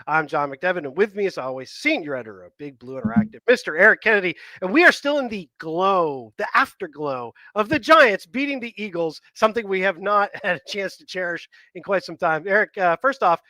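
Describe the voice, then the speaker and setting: High, bright-voiced male sports host. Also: lively intonation, fairly quick, hardly any pauses, dry recording. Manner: rambling, chatty, laughs often. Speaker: podcast host. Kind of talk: casual sports chat.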